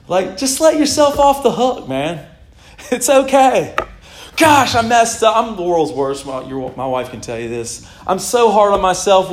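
A middle-aged pastor preaching in a relaxed, conversational way that keeps breaking into laughter and excited shouts. His voice sits fairly high for a man. The sound carries the echo of a church room. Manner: casual, animated preaching with laughs and bursts of shouting. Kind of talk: sermon. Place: church sanctuary.

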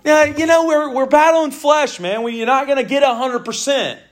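A middle-aged man preaching a casual, animated sermon, joking and talking to his listeners like friends. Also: extremely high pitch, normal speed. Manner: animated, jokey, conversational with laughs and asides.

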